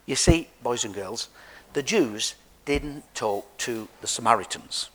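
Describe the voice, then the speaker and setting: A man's voice: medium pitch, expressive, slow, a bit bright. An Englishman telling a Bible story to children in a jokey, chatty way, talking straight to them. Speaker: preacher giving a children's talk.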